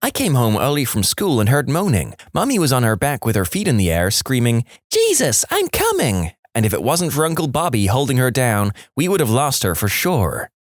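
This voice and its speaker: A man's voice: medium pitch, wildly swooping pitch, normal speed, hardly any pauses, no room sound, studio quality. A man voicing a panicked little boy, talking frantically in a spoken joke. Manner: frantic, breathless.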